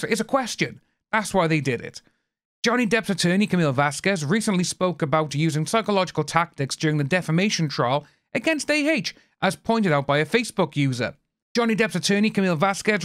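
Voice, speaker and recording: A man's voice: on the high side, dry recording, clean studio sound. A man hosting a casual commentary, reading news aloud and adding opinionated, rambling asides. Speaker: channel host.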